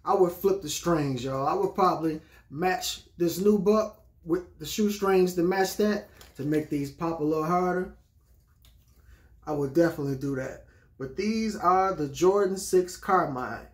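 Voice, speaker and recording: A man's voice: a little high, measured pace. A man giving a casual sneaker review, talking straight to his viewers. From Texas. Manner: chatty, keeps addressing viewers as y'all. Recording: echoey room.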